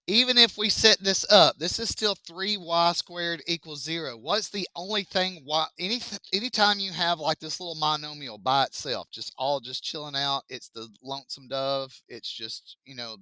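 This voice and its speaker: A man's voice: on the high side, pushed and bright, clean tone, no room sound. A man teaching a math class, joking and talking back to his students.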